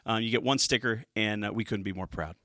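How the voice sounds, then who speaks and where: A middle-aged man, a football coach co-hosting a casual stat show, talking in an animated, rambling way with lots of restarts. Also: lowish voice, brisk, dry recording, clean studio sound. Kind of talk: casual sports chat.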